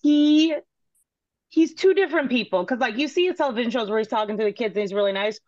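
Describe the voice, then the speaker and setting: A fairly high-voiced woman tells stories as an interview guest, animated and often laughing, swearing freely and acting out what people said. The sound is dry and a little dull. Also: fast, no echo. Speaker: guest, former cooking show contestant. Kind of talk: casual storytelling interview.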